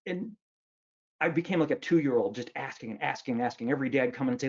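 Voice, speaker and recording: A man in his fifties tells humorous stories about himself in a self-mocking, rambling way, with frequent restarts. His voice has a plain, middle pitch. The recording sounds somewhat dull and lo-fi. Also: quick pace. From Wisconsin, United States. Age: 50s. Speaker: author giving a luncheon talk. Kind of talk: humorous storytelling speech.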